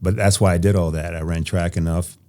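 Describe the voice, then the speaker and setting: Deep-voiced man telling stories on a podcast. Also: a little fast. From Nebraska, USA. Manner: animated storyteller, laughs while telling stories. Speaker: podcast guest. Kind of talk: casual interview storytelling.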